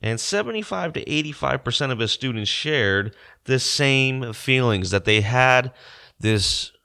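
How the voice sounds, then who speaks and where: A young man retelling a story to his listeners in casual talk, halting with many fillers and restarts. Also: mid-range voice, animated, gravelly, sharp tone. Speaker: podcaster.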